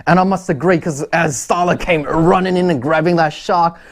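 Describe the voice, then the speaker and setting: A man's voice: on the high side, fairly even intonation, normal speed. A man presenting a fishing stream in casual commentary, chatty with laughing asides.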